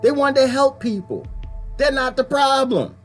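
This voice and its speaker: A man's voice: very high-pitched, animated, normal speed, soft background music. A man ranting in a casual monologue, rambling and laughing often as he slips into quoted voices. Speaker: vlogger.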